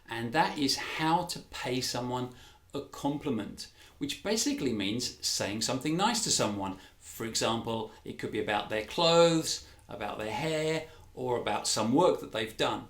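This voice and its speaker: Male English teacher, careful and clear delivery, mid pitch, echoey room. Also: a bit bright. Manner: clear, slow, careful delivery with stressed words. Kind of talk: English lesson to camera. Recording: roomy echo.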